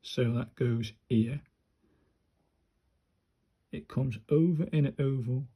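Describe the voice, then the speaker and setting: A man slowly talking his viewers through handwriting practice, muttering each stroke as he writes. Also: mid-range voice, husky, narrow, tinny audio. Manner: slow, muttering step-by-step to himself and viewers. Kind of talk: casual narrated handwriting practice.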